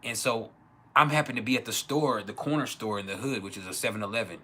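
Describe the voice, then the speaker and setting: Host telling raw stories on a live stream, slightly low and bright, faint room noise. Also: male voice, quick pace. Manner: crude, laughing often, acts out quoted voices. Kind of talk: casual storytelling. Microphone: home livestream mic.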